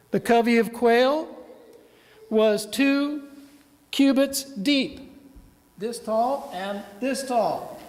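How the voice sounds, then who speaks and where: A male minister tells the story at an easy, unhurried pace, asking his congregation questions as he goes. His voice sits high for a man. The sound carries the long reverb of a church hall. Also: a little mellow. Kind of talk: sermon with map.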